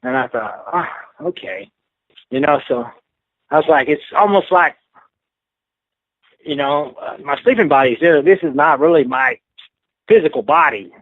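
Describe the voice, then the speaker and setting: A man tells his story over a tinny, phone-like line, with a dry sound and no room around him. His voice sits a little high for a man. He rambles frankly and keeps dropping "you know" as he goes. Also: expressive, normal speed, pauses often, no room sound. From Texas. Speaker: interview guest. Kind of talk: casual storytelling.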